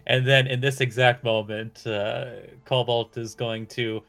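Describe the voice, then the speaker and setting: A man's voice: mid-range voice, little pitch movement, unhurried, fairly bright tone, faint music behind. A man playing a tabletop game, describing his character's actions in an amused way. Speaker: player. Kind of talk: tabletop role-play.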